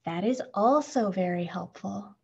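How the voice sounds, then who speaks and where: A woman reading a storybook, voicing a gentle schoolteacher who speaks in a calm, soothing way. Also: medium pitch, a little slow, vocal fry, husky, dull audio. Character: gentle patient female schoolteacher.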